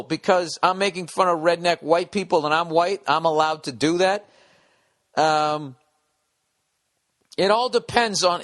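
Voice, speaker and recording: A man's voice: a little high, fairly bright tone. A man hosting a podcast, reading out a listener's letter and riffing on it in sardonic, profane, rambling casual comedic chat. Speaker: podcast host.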